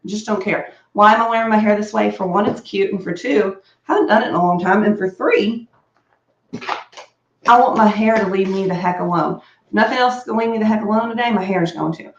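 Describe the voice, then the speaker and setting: Talking fast in a mid-range voice, a beauty vlogger gets ready at home and chats loosely. The sound is roomy and muffled, and her bubbly, meandering talk is punctuated by laughter and coughing fits.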